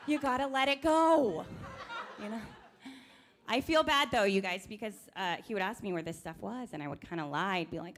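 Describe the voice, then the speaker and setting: A woman in her thirties doing a stand-up comedy set on a live stage, animated and playing her child's lines in a higher voice. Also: a little fast, slight background noise.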